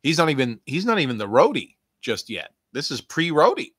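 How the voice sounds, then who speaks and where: Man, podcast host, casual review show, rambling, joking, profane, bright voice, lively pitch. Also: fairly quick, slightly rough, dry recording, clean studio sound. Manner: rambling, jokey, profane, with playful bursts.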